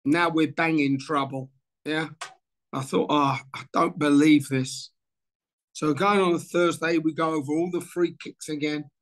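Lively man telling a story. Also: a little high, a little slow. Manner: animated storyteller acting out dialogue. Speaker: former footballer interviewee. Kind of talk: casual anecdote telling.

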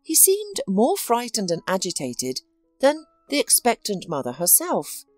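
Woman telling a dramatic story, lively up-and-down voice, soft music under. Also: medium pitch, unhurried, no echo. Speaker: narrator. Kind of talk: scripted story narration.

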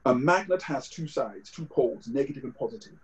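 A man's voice: medium pitch, animated, brisk, poor audio. A man with a British accent preaching a sermon over a video call, conversational, with scripture quotes and fillers. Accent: British English.

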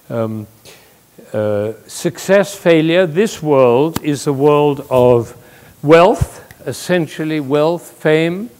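An older man giving a lively, playful talk to an audience, telling stories and jokes as a speaker on music and leadership. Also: mid-range voice. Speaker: conductor and speaker.

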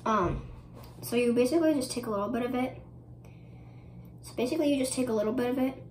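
A woman's voice: a little high, brisk, long pauses. A young woman chatting casually in a get-ready-with-me vlog, rambling with lots of fillers and giggles. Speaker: vlogger. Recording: echoey room with ambient noise.

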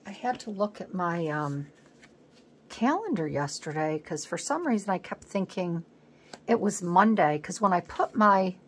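A woman hosting a collage video, chatting casually as she works at a home craft table, rambling and thinking aloud, sometimes dropping to a soft murmur. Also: on the low side, lively intonation, a little slow, slightly rough. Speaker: collage artist host.

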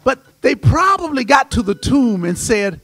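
High, animated preaching man. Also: moderate pace, no echo, faint music behind. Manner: impassioned, emphatic preaching that swells to shouts. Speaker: pastor. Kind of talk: sermon. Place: church sanctuary.

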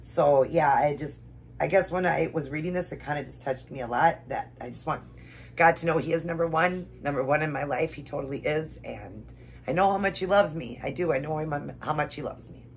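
Speaking a little fast with a deep voice, a woman keto vlogger prays and reads scripture for viewers at home, earnest, emotional and often repeating herself. Her devotional vlog mixes prayer with eating, and there's slight background noise.

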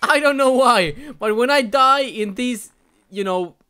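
Loud excitable young gamer shouting. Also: male voice, extremely high pitch, a little slow, clean tone. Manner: loud, excitable, yelling and swearing at the game. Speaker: gaming channel host. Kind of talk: let's play commentary.

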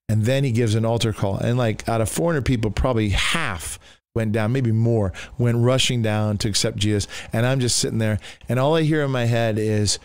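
A man's voice: medium pitch, normal speed, smooth, no room sound. A middle-aged man, a pastor, telling his testimony in a conversation and acting out the voices of the people in it. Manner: animated, acts out the voices of people in his story. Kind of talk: storytelling in a conversation.

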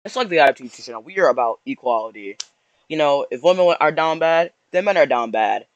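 A young man rambling through casual reaction commentary, slangy and mock-sorrowful, with restarts and drawn-out sighs. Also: a little high, lively intonation, no echo, highs cut off. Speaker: YouTuber reacting to posts.

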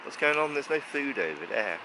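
A man's voice: medium pitch, very animated, a little fast. A man, narrating a casual vlog outdoors in the rain while feeding pigeons, chatting fondly and laughing often as he calls the birds over. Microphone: handheld camera. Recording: outdoor camera audio with street noise.

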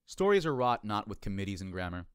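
Low-voiced man reading an audiobook. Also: very animated, quick pace, clean tone, no echo, studio quality. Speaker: audiobook reader. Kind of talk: scripted narration. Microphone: home recording.

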